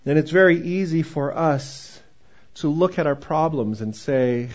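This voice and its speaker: A man's voice: fairly high pitch, animated, measured pace. A male pastor preaching a sermon in a conversational style and joking with the congregation. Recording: dull, muffled recording.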